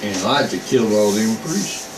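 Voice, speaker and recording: A man's voice: fairly low pitch, lively intonation, normal speed, far from the mic. A man giving an informal Bible teaching on a live online broadcast. He talks in a folksy way, reading scripture aloud and then commenting on it in his own plain words. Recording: echoey room, voice from off mic, faint hum.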